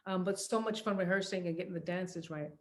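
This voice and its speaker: A woman's voice: fairly low pitch, fairly even intonation, fairly quick. A middle-aged woman answering interview questions about her acting work, talking casually with many fillers and restarts, and laughing easily. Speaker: actress being interviewed.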